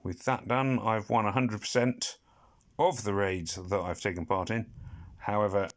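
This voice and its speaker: Speaking at a measured pace with a lowish voice and fairly even intonation, a man from Britain chats casually about a mobile game. Between hums and little sound effects, he keeps running himself down over his mistakes in this gaming commentary.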